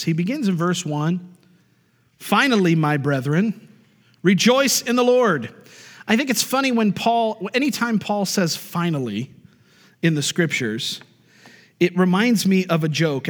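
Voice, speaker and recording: A male pastor preaching a sermon, reading scripture slowly and then talking in an easy, joking way. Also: on the high side. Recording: long reverb of a large hall.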